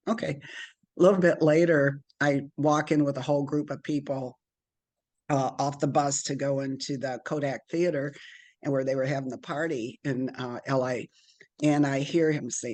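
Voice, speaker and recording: With a rumbling low voice at normal speed, a middle-aged woman recounts her career as a guest in a storytelling interview. She runs a business and brings quoted people to life by performing their voices.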